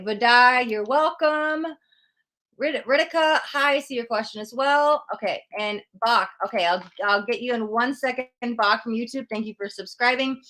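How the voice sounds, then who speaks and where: A woman's voice: on the high side, a bit bright. A woman hosting a live tarot stream, chatting casually and reassuringly as she reads viewer comments aloud.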